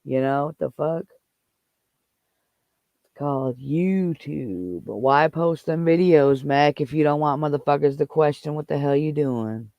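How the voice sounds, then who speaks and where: Livestream host, man, heated profane rant; smooth, slightly higher voice, close and dry. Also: fairly even intonation, normal speed, few pauses, no echo, lo-fi sound. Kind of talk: casual ranting livestream chat.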